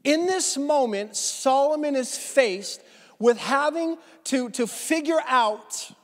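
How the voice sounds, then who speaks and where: Animated high-voiced male pastor. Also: slow pace, in a large hall. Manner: animated, casual, restarts phrases often. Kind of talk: conversational sermon storytelling. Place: church sanctuary.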